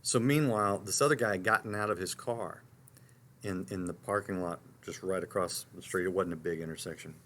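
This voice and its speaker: Middle-aged male talk host, tells stories animatedly, slightly low voice. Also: fairly quick, a little hiss or hum. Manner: animated storyteller, frequent restarts and asides. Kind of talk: storytelling on a live talk show.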